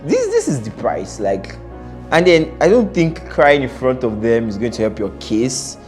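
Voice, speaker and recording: A man's voice: mid-range voice, huge pitch swings, a little slow, a little mellow, soft background music. A man giving casual, blunt reaction-video commentary as an employer, laughing often and repeating himself.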